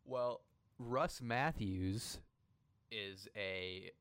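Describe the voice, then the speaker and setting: A man's voice: on the low side, very slow, a bit bright, smooth, no room sound. A man co-hosting a podcast in a casual chat, joking and hesitant with many fillers. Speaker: podcast co-host.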